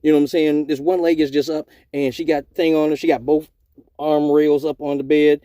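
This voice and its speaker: A man's voice: a little high, flat delivery, brisk, dark tone, no room sound. A young man telling a profane story casually, acting out other people's voices along the way.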